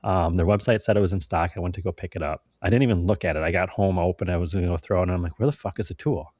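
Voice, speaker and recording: Male host, very deep voice, blunt swearing storyteller, dry sound. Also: steady tone, racing, darkish tone, no echo. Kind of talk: casual podcast conversation.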